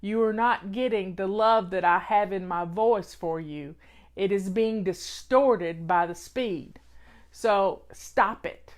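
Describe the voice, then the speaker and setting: Southern lady rambling slow on a live stream, folksy advice, chatty. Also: mid-range voice. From Southern United States. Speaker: host of a home-organizing live show. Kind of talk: casual live-stream chat to viewers.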